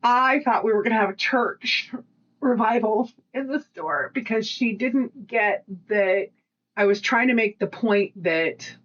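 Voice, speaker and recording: A woman co-hosting a casual podcast, telling animated work stories, acting out voices and swearing freely. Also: on the high side, measured pace, lo-fi sound. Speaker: podcast co-host. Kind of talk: casual storytelling chat.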